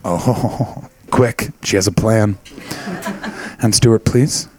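A man's voice: lowish voice, fairly even intonation, very slow, darkish tone. A man in his late twenties doing stand-up crowd work, brash, profane and teasing. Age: late 20s. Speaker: stand-up comedian.

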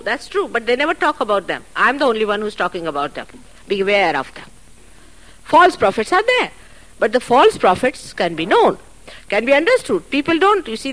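Woman, spiritual talk, higher voice, very animated pitch, earnest, chatty asides, archive recording. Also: rough recording. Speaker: spiritual teacher. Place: public hall.

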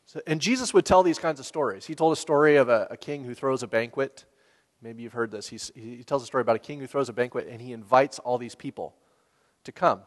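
A man preaching a sermon in a relaxed, conversational way, asking the listeners questions and laughing now and then. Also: medium pitch, quick pace. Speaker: pastor. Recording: long hall reverb.

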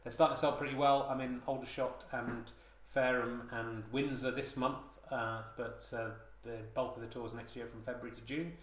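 A man's voice: medium pitch, flat delivery, moderate pace, few pauses. Rambling, mock-solemn male comedian. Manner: rambling and hesitant, with many fillers and restarts. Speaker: comedian podcast host. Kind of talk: mock-solemn comic monologue. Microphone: handheld digital recorder. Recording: roomy, echoey room sound.

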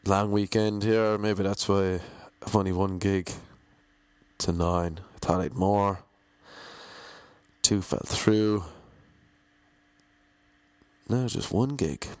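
An Irish man in a rambling comic monologue, deadpan and self-mocking, talking in a monotone. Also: low voice, slow pace, long pauses, clean tone, no room sound.

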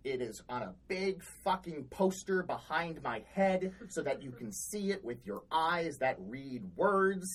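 Lively low-voiced woman ranting, a bit off-mic. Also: a little slow, hardly any pauses, rough recording. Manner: blunt, exasperated, swears often. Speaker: podcast co-host. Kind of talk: casual profane storytelling chat.

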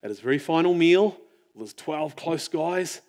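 A man preaching a sermon in an earnest, reflective way, often dropping his voice to a near-hush. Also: fairly high pitch, animated, normal speed.

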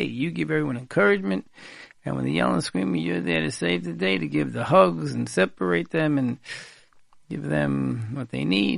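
A man's voice: a little high, vocal fry, no echo. A man giving informal marriage advice on the radio, repeating key words for emphasis and mixing in Hebrew and Yiddish terms.

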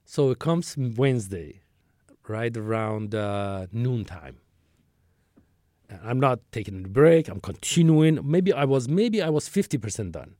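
A man in his sixties appears as an interview guest and delivers a long work story conversationally, rambling, restarting and acting out dialogue. He has a warm, expressive, medium-pitched voice at a measured pace. The studio recording is clean, with no room sound.

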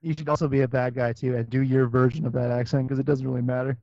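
A man's voice: mid-range voice, flat delivery, fast, gravelly, a little mellow, no room sound. A man co-hosting a podcast in casual chat, giving short replies, laughing and swearing now and then. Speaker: podcast co-host. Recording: dull lo-fi dry audio.

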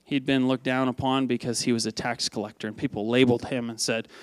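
A male pastor preaches a conversational sermon to his congregation, lively and often repeating words as he asks them questions. His medium-pitched voice is smooth and quick, in a dry recording.

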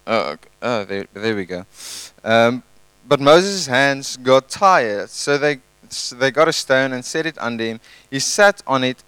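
Smooth-voiced man preaching a casual sermon. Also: mid-range voice, dry recording, low-quality recording. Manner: conversational, animated, tag questions. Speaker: pastor.

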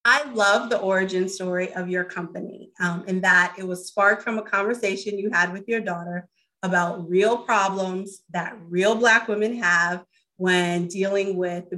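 A woman interviewer asking her guest questions with admiring interest. Her voice is bright and sits a bit low. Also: normal speed, low-quality recording.

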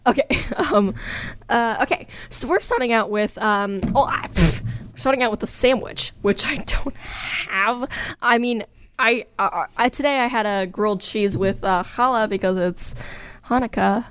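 A woman co-hosting a casual podcast, rambling and giggling excitably. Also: a little high, normal speed, slight background noise. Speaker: podcast co-host.

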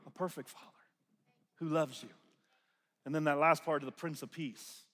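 Preaching a sermon to his congregation, a high-voiced man swings from loud, emphatic declarations to hushed lines that are nearly whispered, keeping a steady tone at normal speed. He repeats key phrases and gets the crowd to call them back, his voice fading into the church hall's long reverb.

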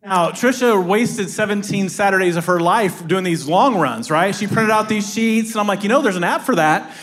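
A man's voice: high voice, normal speed, a bit bright, in a large hall. A man telling his side of a shared story to an audience, with dry, teasing interjections. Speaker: co-speaker, husband. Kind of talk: storytelling talk to a live audience.

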